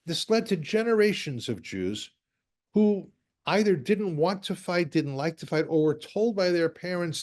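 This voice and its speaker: Wry rabbi giving a lecture. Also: male voice, sits high, expressive, unhurried, a little mellow. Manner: wry, conversational, with asides. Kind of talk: lecture with slides.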